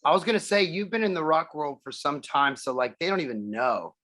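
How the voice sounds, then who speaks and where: A man speaks over a video call in a loose, rambling way, laughing often. He tells stories and acts out the people in them, his voice jumping up for the loud bits. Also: fairly high pitch, sing-song, a little fast. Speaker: musician guest. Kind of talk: casual video call chat.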